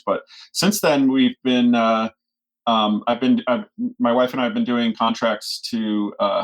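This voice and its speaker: A man talks as a guest on a casual podcast. He jokes a lot and laughs as he goes. His pitch sits in the middle range for a man. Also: rough recording. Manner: joking, laughs often while talking.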